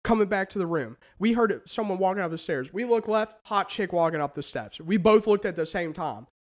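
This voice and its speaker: A young American man co-hosting a casual podcast, telling an animated story with lots of swearing and acted-out quotes. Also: high voice, a little fast. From United States. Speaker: podcast co-host. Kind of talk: casual chat.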